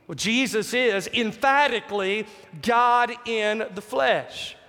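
Preacher guy w a really high voice, keeps asking the crowd questions, big echoey hall. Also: takes it slowly, pushed and bright. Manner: emphatic, repeats key phrases, asks the congregation questions. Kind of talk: sermon. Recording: long hall reverb.

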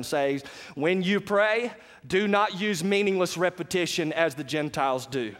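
High-voiced pastor preaching in a hall. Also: male voice. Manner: animated storytelling, asks the congregation questions. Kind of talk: sermon.

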